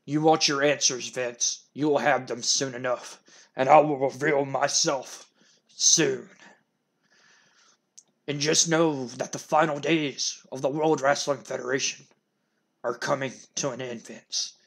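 Slow creepy wrestling villain that a guy puts on, booming and gravelly, dead serious. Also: fairly even intonation, a bit bright, full character voice. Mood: menacing. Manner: slow, booming, ominous delivery. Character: menacing male wrestler villain possessed by a dark lord.

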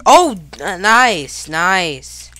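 A woman giving live gameplay commentary, excitable and casual, talking to herself and shouting at big plays. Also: medium pitch, extremely slow. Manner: casual slang, talks to self while fighting. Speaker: gaming YouTuber.

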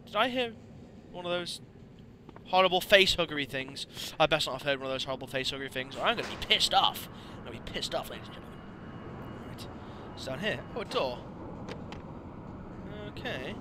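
A man giving excitable gameplay commentary as a let's play host, yelping and swearing at the game. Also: on the high side, brisk, background noise.

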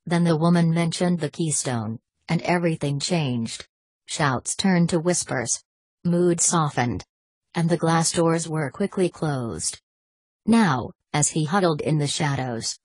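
A woman narrating an audiobook in a steady, even-paced reading voice. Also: deep voice, slow, slightly rough, dry recording.

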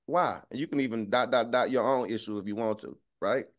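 A young man preaching a relaxed, slangy sermon, often laughing and checking in with his listeners. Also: medium pitch, brisk. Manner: conversational, keeps asking "right?". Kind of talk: casual street-talk sermon.

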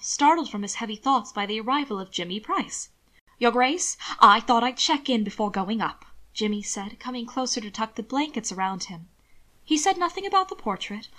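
A woman narrating fan fiction aloud in a soft, steady storytelling manner. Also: fairly high pitch.

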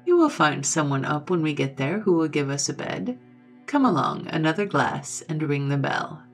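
A woman's voice: sits low, big pitch swings, normal speed, soft background music. A woman voicing a sly, ghostly male Oxford student from an old storybook, who speaks in a mocking, coaxing way.

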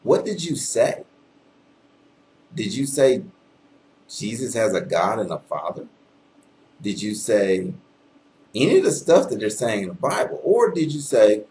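Low-voiced guy making a heated case about the bible, lots of "okay?", slight background hiss. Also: very animated, unhurried, pauses often, dark tone, low-quality recording. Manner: emphatic, rhetorical questions, repeats "okay?". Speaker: video channel host. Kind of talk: argumentative religious monologue to camera.

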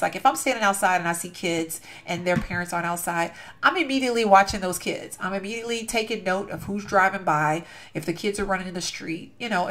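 A young woman chatting casually as she tours a game build, gushing and excitable. She rambles through a story and keeps getting sidetracked by what she sees, in an ordinary middle-pitched voice. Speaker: game channel host. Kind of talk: casual gameplay commentary and storytelling.

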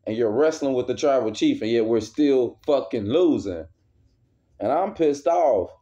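A man's voice: mid-range voice, lively intonation, a little slow, mellow. A man angrily ranting as a wrestling fan, heavy with profanity and worked up. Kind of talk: casual rant. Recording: dull lo-fi recording.

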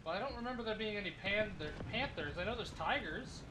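A man's voice: sits high, animated, fast talker, noisy background. A young man streaming a game, chatting casually with friends and teasing them. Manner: teasing, bossy, calls out plays. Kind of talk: casual gaming chat.

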